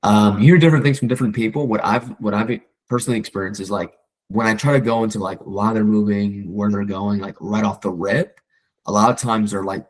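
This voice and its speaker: A real estate agent with a lowish voice, captured on a rough recording, casually coaches a colleague. He talks fast and animatedly, acting out his client calls in quoted voices.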